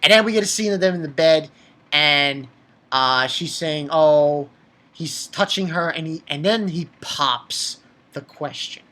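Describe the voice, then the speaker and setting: Speaking a little slowly in a voice on the high side, a man gives an excitable, casual recap of an anime episode. He swears and stumbles over fillers and restarts as he goes.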